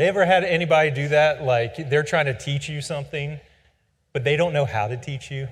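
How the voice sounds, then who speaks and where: A man's voice: mid-range voice, moderate pace. A man in his forties telling a rambling personal story with self-deprecating humor. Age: 40s. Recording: long reverb.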